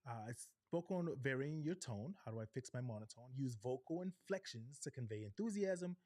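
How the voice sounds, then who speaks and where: Clean studio audio with no room sound carries an animated middle-aged man coaching a live online workshop. As an on-camera presentation coach, he deliberately varies his pace and pitch, tagging many lines with "right?"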